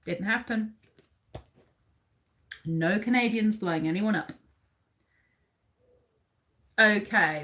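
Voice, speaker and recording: A woman in her forties from England runs a casual live quiz from a dim room at home. She reads out facts and chats with viewers by name, and her pitch rises and falls a lot as she talks. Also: a bit bright. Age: 40s. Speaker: livestream host.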